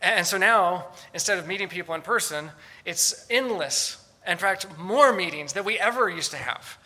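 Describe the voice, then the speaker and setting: Male pastor, sermon, dramatic delivery, high pitch, very bright tone. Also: lively intonation, moderate pace. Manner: dramatic, acts out sarcastic voices.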